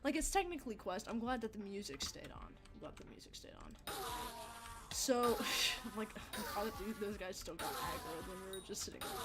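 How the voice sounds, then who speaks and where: A young woman chatting casually on a game livestream, rambling, swearing freely and laughing often. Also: mid-range voice. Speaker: game streamer. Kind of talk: casual livestream chat over gameplay.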